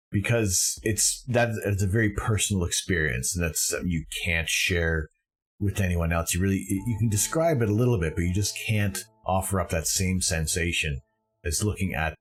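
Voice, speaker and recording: A man from Canada with a deep, low voice hosts a live stream in a relaxed, chatty way. He rambles eagerly and restarts his sentences often. Faint music plays quietly in the background. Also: slightly rough. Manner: enthusiastic, rambling, self-correcting. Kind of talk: casual live-stream commentary.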